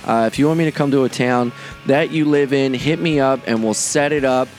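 Brash, excitable comedian hosting his podcast. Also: mid-range voice, a little fast, soft background music. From Delaware. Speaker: podcast host and stand-up comedian. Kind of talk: casual podcast monologue.

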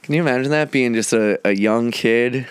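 A podcast host and comedian with a clean, mid-range voice chats casually at a moderate pace, telling loose, profane stories from the road. He breaks into sung lines and mock voices as he goes.

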